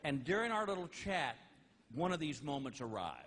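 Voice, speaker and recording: Lively middle-aged man telling stand-up stories. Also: on the high side, normal speed, a little hiss or hum. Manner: chatty, amused storytelling with frequent laughs. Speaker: stand-up comedian. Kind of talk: stand-up storytelling.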